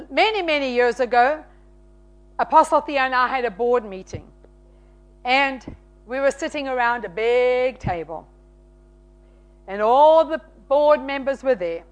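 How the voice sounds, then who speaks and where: A woman preaching a sermon, from South Africa, telling stories in an animated, emphatic way. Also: sits high. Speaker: pastor's wife and church leader.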